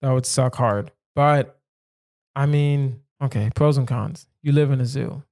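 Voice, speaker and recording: A man's voice: medium pitch, measured pace, a little mellow. A man hosting a solo comedy podcast, rambling playfully through silly questions he asks himself. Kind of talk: casual solo podcast musing.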